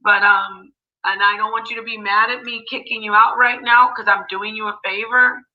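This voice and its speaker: A woman's voice: a little high, fairly even intonation, normal speed. Apologetic woman on lo-fi stream audio. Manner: apologetic, placating. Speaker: livestream host. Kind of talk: livestream panel chat.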